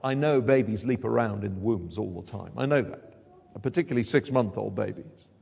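A man preaching an expository sermon in a church hall, animated and acting out quoted lines with big jumps in pitch. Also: normal speed, gravelly, slightly rough. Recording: long hall reverb.

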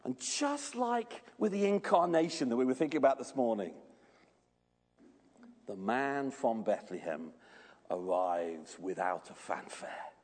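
A man preaching a sermon, telling lively stories and putting questions to the congregation. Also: mid-range voice, measured pace, long reverb tail. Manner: animated storytelling, asks the congregation questions. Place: church.

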